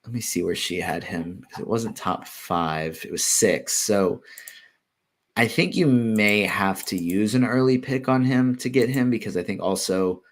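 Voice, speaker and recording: A man's voice: lowish voice, measured pace. A man answering viewer questions in a casual Q&A, thinking aloud with frequent ums, restarts and self-corrections. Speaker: fantasy basketball analyst answering viewer questions. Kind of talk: casual live Q&A.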